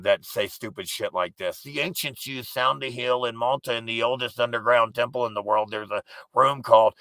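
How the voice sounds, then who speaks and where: A gravelly, hard-edged male voice, recorded dry and close with no room sound. He hosts a live stream and rants profanely and with contempt, leaning hard into every jab. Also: on the low side, sharp tone, dry recording. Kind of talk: ranting live stream monologue.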